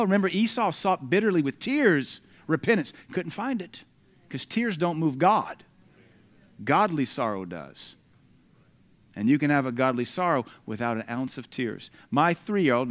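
A man, preaching a sermon and swinging between loud declarations and quiet asides. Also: a little high, big pitch swings, moderate pace. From United States.

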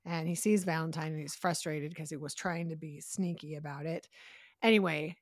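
Animated woman recapping, slightly low voice. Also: no echo, studio quality. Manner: animated, breathless recapping with rapid asides. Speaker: podcast co-host. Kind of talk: casual chat recapping a TV episode.

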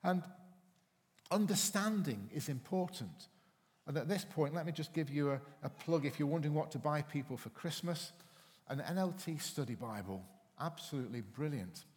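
A man preaching a sermon as pastor, telling anecdotes and acting out voices. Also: medium pitch. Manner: storytelling, acts out voices in anecdotes. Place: church hall. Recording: reverberant church hall.

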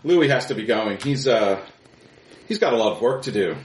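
A man's voice: on the low side, lively intonation, moderate pace, recorded from a distance, lightly acted. A man voicing a nervous husband who is flustered and forcedly polite. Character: nervous husband hurrying a guest out. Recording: roomy with faint noise.

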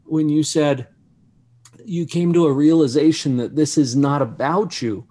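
A man's voice: a little high, a little slow, mellow. A man hosting a conversational interview, reflecting back and drawing out his guest's ideas. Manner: affirming, reflective, draws out the guest. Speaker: interview host.

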